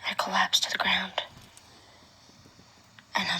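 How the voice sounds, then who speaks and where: A woman speaking an emotional personal testimony straight to her former partner, often dropping to a hushed whisper. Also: fairly low pitch, steady tone, moderate pace, pauses often, a little hiss or hum, rough recording. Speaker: mother recounting her own experience.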